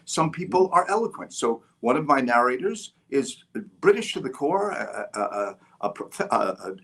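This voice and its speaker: An older man, a guest author on an interview podcast, talking in an animated storytelling way with frequent restarts and fillers. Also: fairly high pitch. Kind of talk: interview conversation.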